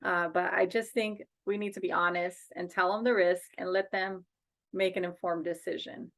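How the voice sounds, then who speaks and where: A woman's voice: fairly low pitch, steady tone, normal speed, vocal fry, a bit bright. A woman speaking as a guest in a casual interview over a video call, earnest and outspoken, a bereaved mother and advocate.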